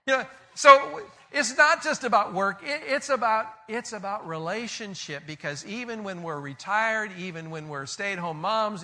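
A man's voice: high-pitched, bright, forceful tone. A man as a pastor, giving a conversational sermon with joking asides and retold stories.

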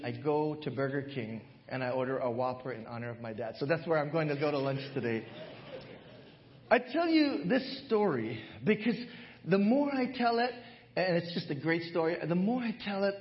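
A male pastor telling a personal story in a sermon, animated and often laughing, recorded in a church with dull lo-fi sound. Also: a little high. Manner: animated, laughs through his stories.

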